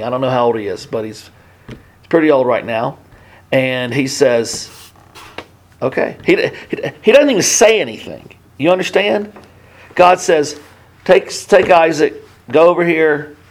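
A man in his fifties preaching a sermon in a conversational way, often restarting his sentences and swinging between hushed and emphatic delivery. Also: medium pitch, moderate pace. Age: 50s. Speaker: pastor.

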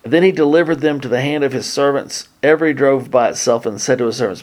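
A man's voice: medium pitch, fast, hardly any pauses. Chatty male Bible teacher. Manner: chatty, joking asides, laughs often. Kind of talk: casual sermon with Bible reading.

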